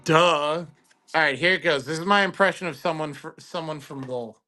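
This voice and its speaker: A man hosting a card-opening livestream in casual, excitable chat, greeting viewers by name. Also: fairly high pitch, brisk.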